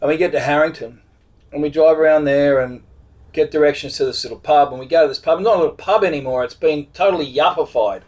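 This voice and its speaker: A man's voice: fairly high pitch, fast. Rambling Australian man telling a story. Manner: rambling, lively retelling with many restarts and acted quotes. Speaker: vlogger telling a travel story. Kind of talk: casual storytelling.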